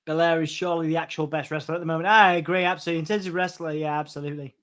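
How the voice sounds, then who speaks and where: A man's voice: fairly high pitch, little pitch movement, fairly bright tone. A man co-hosting a casual wrestling watch-along, stammering into restarts and calling the moves as they happen. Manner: stammering restarts, quick play-by-play calls. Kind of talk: casual chat with live commentary.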